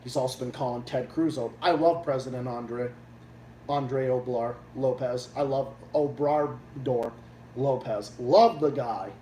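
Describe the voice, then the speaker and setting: A man's voice: medium pitch, fairly even intonation, measured pace, dark tone. A man from Massachusetts hosting a livestream, ranting in a heated, profane and blunt way. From Massachusetts, USA. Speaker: livestream host. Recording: echoey room, distant mic, faint hum.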